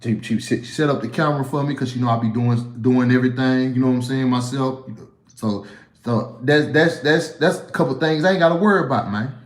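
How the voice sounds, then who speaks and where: A man's voice: mid-range voice, fairly quick, reverberant. A man with a Southern US accent answering viewer questions in a casual livestream, blunt and profane, rambling with frequent restarts.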